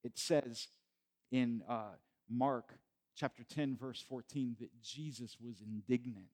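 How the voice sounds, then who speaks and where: A man's voice: medium pitch, fairly even intonation, takes it slowly, a little mellow. A man, a pastor, preaching a sermon in church in a conversational way, repeating words as he goes and rising to emphatic peaks.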